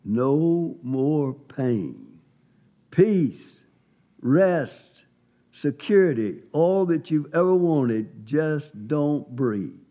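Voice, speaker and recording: A man voicing a deceiving male spirit in a slow, hushed, coaxing way. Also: on the high side, animated.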